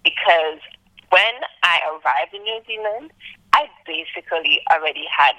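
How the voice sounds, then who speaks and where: A woman's voice: normal speed, no room sound, poor audio. A young woman from Antigua, a travel blogger telling her story as an interview guest and acting out what people said to her. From Antigua, Caribbean. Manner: lively, acts out quoted speech with big jumps in pitch.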